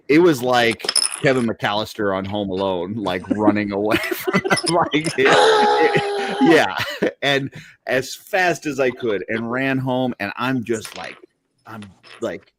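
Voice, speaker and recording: A man's voice: lowish voice, fairly bright tone, a little hiss or hum. A man hosting a podcast, telling a childhood story in a laid-back way and laughing as he goes. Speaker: podcast host. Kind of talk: casual chat, anecdote.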